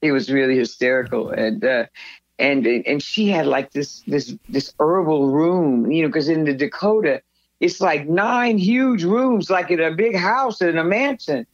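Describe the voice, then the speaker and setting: A woman guest telling stories in a casual interview, lively and acting out what others said. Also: deep voice, unhurried, dry recording. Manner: animated storyteller, acts out others' lines. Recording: dull lo-fi recording.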